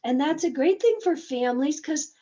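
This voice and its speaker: A woman's voice: high-pitched, animated, moderate pace, warm tone, highs cut off. A woman therapist explaining a game in a conversational teaching talk, acting out bits of dialogue as examples.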